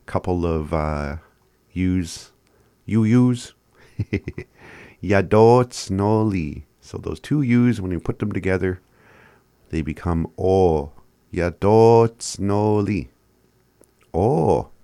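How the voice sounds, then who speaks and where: A man giving a casual language lesson, laid-back and chuckling often as he spells words out slowly. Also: low voice, darkish tone, dry recording. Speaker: language teacher.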